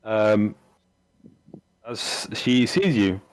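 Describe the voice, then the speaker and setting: A man's voice: lowish voice, lively intonation, very slow, dry recording, poor audio. A man narrating a tabletop game as game master, rambling and hesitant with many fillers.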